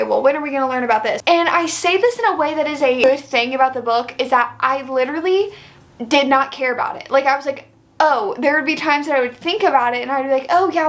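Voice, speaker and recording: Young woman, high voice, chatty and effusive book vlogger. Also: a bit bright. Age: young adult. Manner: chatty and effusive, many "like" fillers. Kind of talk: casual book review vlog.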